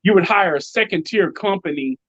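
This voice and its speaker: Man, Chicago, DJ guest, casual storytelling, acts out quotes, slightly high voice, dull sound. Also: a little fast, a bit bright, no echo. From Chicago, United States. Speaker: DJ and producer, interview guest.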